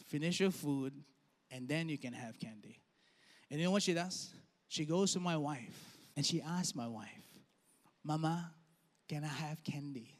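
A man in his thirties preaching a sermon, telling stories and letting his phrases trail off softly. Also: high voice. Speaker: pastor. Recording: long hall reverb.

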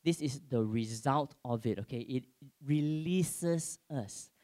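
A man's voice: medium pitch, slow, darkish tone. A man in his thirties preaching a sermon to a congregation, conversational and checking in with "okay?" after many lines. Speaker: pastor.

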